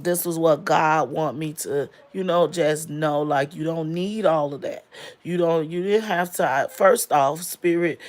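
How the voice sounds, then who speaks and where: A woman in her forties telling a personal story in a casual, emotional way, with many fillers, close to tears. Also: on the low side. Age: 40s.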